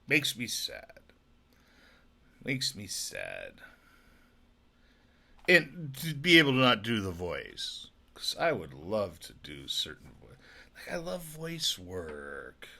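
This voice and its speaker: A drunk man rambling in a casual monologue, swinging from loud outbursts to mumbled whispers. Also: on the low side, very animated, unhurried. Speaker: amateur actor talking about comedy.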